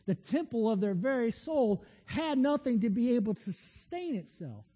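A man's voice: high voice, warm tone, husky, big-room sound. A man preaching a sermon in a conversational, storytelling way with frequent restarts.

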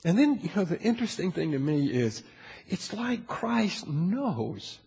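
A man's voice: high voice, very animated, measured pace, gravelly, darkish tone, slightly rough. An older man preaching a sermon in a conversational way, often restarting his sentences and adding asides, in a large church. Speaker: pastor. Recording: long hall reverb.

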